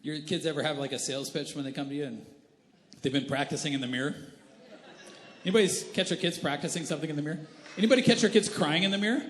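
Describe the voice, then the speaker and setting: Speaking fast at a fairly high pitch, this man is a thirtysomething pastor spinning comic family anecdotes in his sermon. He's chatty and self-deprecating, tossing asides to the congregation, and the large church hall gives the recording a long, roomy reverb.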